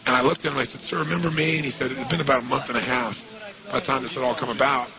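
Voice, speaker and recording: A male speaker telling a story to an audience in a lively way, acting out the quoted dialogue and asking the listeners questions. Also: medium pitch, very fast, gravelly, crowd noise, low-quality recording.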